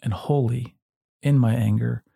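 A man co-hosting a casual faith podcast, calmly arguing his point and pushing back. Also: medium pitch, gravelly, slightly rough. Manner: measured, argumentative pushback. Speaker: podcast co-host.

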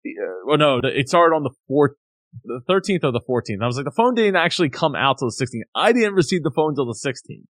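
A man's voice: a little high, big pitch swings, quick pace, a bit bright, dry recording. A man co-hosting a casual talk show, ranting animatedly about a company's return policy and mock-quoting its staff. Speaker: podcast co-host. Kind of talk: casual chat, telling a complaint story.

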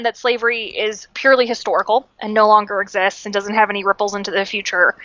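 A young adult woman co-hosts a podcast, explaining history in a lively, casual way full of fillers, restarts and self-corrections. Her voice is mid-range, and the audio is dull with no room sound.

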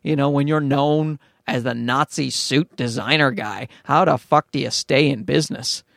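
A man's voice: medium pitch, normal speed, gravelly, fairly bright tone, no room sound, clean studio sound. A young man hosting a podcast alone, rambling and swearing in a self-mocking, casual monologue. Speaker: podcast host. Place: small closet at home. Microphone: podcast microphone.

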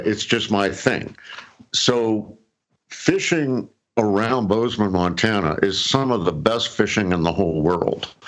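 A middle-aged man casually telling a personal story, rambling with fillers and restarts and chuckling often. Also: fairly low pitch. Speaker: guest telling his story.

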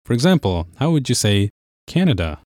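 A man's voice: mid-range voice, very animated, brisk, a little mellow, no echo, studio quality. A man teaching a podcast language lesson, explaining patiently step by step.

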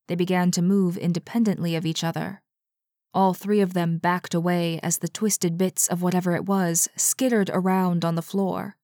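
A woman narrating a story aloud in a slow, deliberate way. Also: fairly low pitch, darkish tone, no room sound, studio quality.

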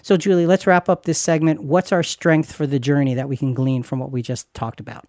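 A man's voice: on the high side, little pitch movement, a little fast, darkish tone, no room sound, studio quality. A man who is a pastor and podcast host, talking earnestly and reassuringly about faith, repeating phrases for emphasis. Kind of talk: conversational Christian podcast teaching.

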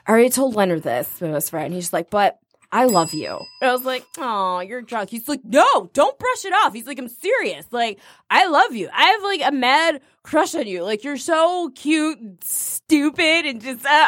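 A woman's voice: on the high side, a bit bright. A young woman co-hosting a podcast, casually retelling a night out with quoted dialogue and frequent laughter. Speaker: podcast co-host. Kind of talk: casual storytelling chat.

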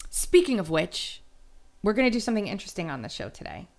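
Blunt, chatty woman host for a casual solo podcast, mid-pitched, conversational. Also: big pitch swings, vocal fry. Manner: chatty and blunt, quick asides.

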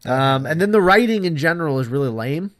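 A man's voice: a little high, animated, fairly quick. Exasperated American man griping on a podcast. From United States. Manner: blunt, exasperated criticism with frequent "um". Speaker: podcast co-host. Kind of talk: casual podcast chat.

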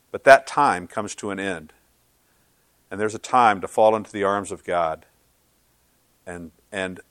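A man preaching a sermon as pastor, earnest and swinging from loud to hushed. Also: lowish voice, dry recording.

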